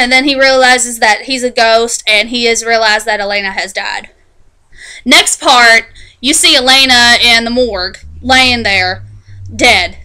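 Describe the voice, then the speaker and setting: A woman casually recapping a TV episode in a chatty, animated way, often restarting her sentences. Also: on the high side, unhurried, smooth, rough recording. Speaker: TV show reviewer.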